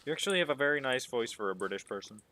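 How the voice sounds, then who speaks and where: A man's voice: mid-range voice, animated, rapid-fire, bright, forceful tone. A man chatting casually while playing a game, rambling through jokingly provocative opinions. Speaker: gaming streamer. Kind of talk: casual gameplay commentary.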